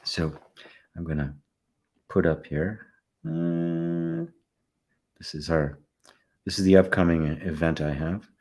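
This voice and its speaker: An older man, a spiritual teacher, giving a relaxed satsang talk, often checking in with "right?" and soft laughs. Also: low-pitched, slow, vocal fry, pauses often. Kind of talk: satsang talk, answering questions.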